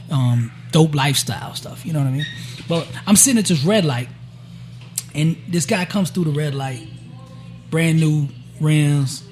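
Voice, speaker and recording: A man telling a personal story in a casual, animated way, acting out each quoted exchange and often checking in with his listeners. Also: a little high. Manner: animated storyteller who acts out the quoted dialogue; frequent "right?" and "you know" to check in with listeners. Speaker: guest sharing a personal testimony.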